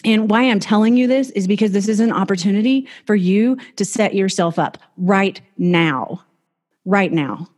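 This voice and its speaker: A woman's voice: medium pitch, normal speed, darkish tone. A woman life coach hosting her own show, giving a casual, enthusiastic motivational talk that encourages her listeners. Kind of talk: motivational self-help talk.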